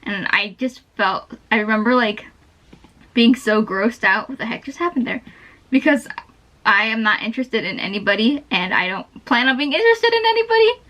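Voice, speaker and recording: A woman's voice: a little high, big pitch swings, normal speed, a bit bright. A young woman chatting casually while she draws, meandering and interrupting herself often. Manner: meandering, self-interrupting, giggly. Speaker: art channel host. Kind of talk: rambling chat over a drawing. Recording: dull lo-fi sound.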